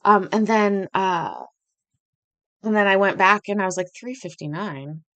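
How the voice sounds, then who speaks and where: A woman's voice: mid-range voice, steady tone, moderate pace, sharp tone. A woman talks casually to her livestream audience from home, rambling from one thought to the next. Her voice sits in a middling range, and her manner is chatty and self-deprecating. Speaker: host.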